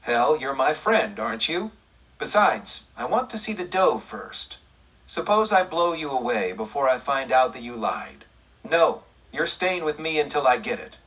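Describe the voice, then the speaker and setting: A man voicing a cold, menacing male outlaw gunman in an audiobook western, speaking slowly and deliberately. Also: mid-range voice, sing-song, a bit bright, breathy edge, far from the mic, exaggerated voice. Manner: slow, deliberate, icy.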